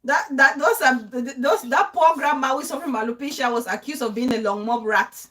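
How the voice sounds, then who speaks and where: A woman's voice: high-pitched, brisk, fairly bright tone. A young woman hosting a casual live-stream talk, chatting and repeating phrases for emphasis. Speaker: show host.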